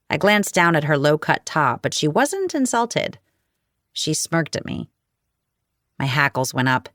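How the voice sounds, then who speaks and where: A woman reads a romance audiobook in the first person with a wry, expressive touch. Her voice sits a little low but moves with lively, animated intonation. The recording is dry and close. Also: measured pace, long pauses, dry recording. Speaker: audiobook narrator.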